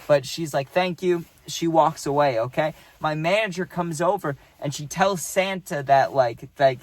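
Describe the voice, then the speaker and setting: A man's voice: on the high side, no room sound. A young man casually telling a workplace story, rambling and profane and checking in with "right?".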